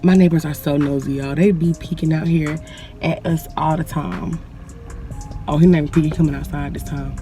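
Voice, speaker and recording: A woman's voice: low voice, steady tone, a little fast, dark tone, faint music behind. A woman in her twenties vlogging while she gets ready, talking in a playful, exaggerated slangy voice into a camera held at arm's length. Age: 20s. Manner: playful, slangy put-on "ratchet" talk. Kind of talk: get-ready-with-me chat. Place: home indoors, then a car.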